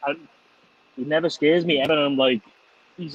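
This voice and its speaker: A man's voice: on the high side, steady tone, a little fast, lo-fi sound. A middle-aged man hosting a casual chat, laughing and swearing freely. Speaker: host.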